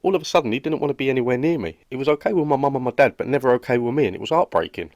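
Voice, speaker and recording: A man's voice: medium pitch, expressive, racing, darkish tone, dry recording, clean studio sound, natural voice. A man voicing a lonely, awkward young roommate in a cartoon, speaking with a British accent in an earnest, rambling way. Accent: British English. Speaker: cartoon character. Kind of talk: animated comedy dialogue.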